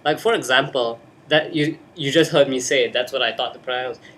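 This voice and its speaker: A young host with a sharp-toned, mid-range voice talks fairly quickly about a movie into his bedroom webcam. Casual, hyper and full of jokes, he often switches into silly fake voices.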